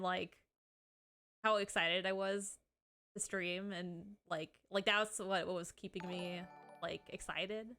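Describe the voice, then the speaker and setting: A woman's voice: lowish voice, bright, forceful tone. A woman streaming live, chatting casually, giggling, swearing and teary as she thanks her viewers.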